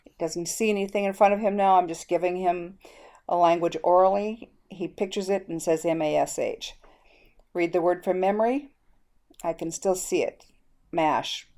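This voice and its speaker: Low, mellow-voiced woman presenting a lesson. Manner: explanatory, demonstrating teacher prompts. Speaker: educator presenting a reading method. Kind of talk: teaching presentation.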